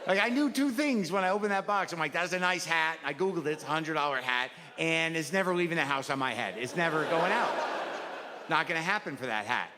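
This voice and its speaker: A middle-aged man doing a neurotic, rambling stand-up routine on a club stage, exasperated and prone to sudden shouted outbursts, with audience laughter behind him. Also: a little high, lively intonation, fairly quick, a crowd in the background. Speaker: stand-up comedian. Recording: live club recording with long reverb and noise.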